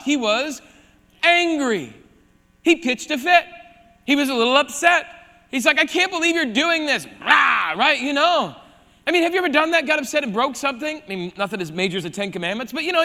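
A man from South Dakota preaching a lively sermon, his high voice ringing bright and sharp. He drops to a hush to press a point, then surges loud again. A long hall reverb trails each phrase. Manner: animated preaching, swinging from hushed emphasis to loud bursts. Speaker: pastor. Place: church hall.

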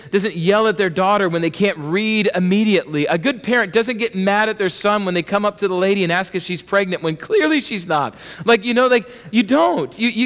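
High-voiced animated preacher in a big hall. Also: male voice. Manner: animated, playful asides and voiced quotes. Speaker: pastor. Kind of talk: sermon. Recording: long reverb of a large hall.

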